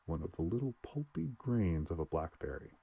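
A man reading aloud and voicing a self-assured elderly doctor who talks in a measured, lecturing way. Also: low voice, very animated, gravelly, breathy edge, lo-fi sound, heavily acted.

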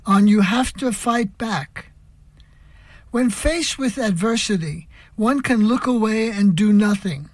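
A male radio host reading a scripted introduction in a measured, deliberate way. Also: sits high, dry recording.

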